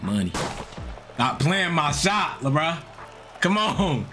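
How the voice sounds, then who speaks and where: Excitable man calling his own basketball game. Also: a little high, slow. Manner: excitable, swears, trash-talks, mutters to himself. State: out of breath. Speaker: gaming YouTuber. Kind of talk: live gameplay commentary. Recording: music playing under the voice.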